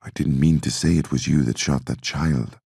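A man voicing a worried sister who reproaches her brother quietly. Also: a bass voice, steady tone, moderate pace, vocal fry, husky, no echo, studio quality, exaggerated voice. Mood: reproachful. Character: scolding, worried adult sister.

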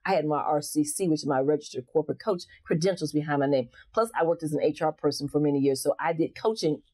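A woman's voice: low voice, fast, warm tone. A woman speaking as a guest coach in a casual interview, frank and emphatic, often restarting her sentences.

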